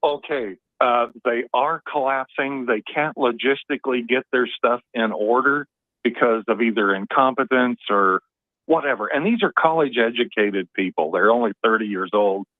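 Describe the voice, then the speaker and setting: A man's voice: mid-range voice, normal speed, dry recording. Male caller, blunt, dry tinny phone audio. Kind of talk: call-in talk.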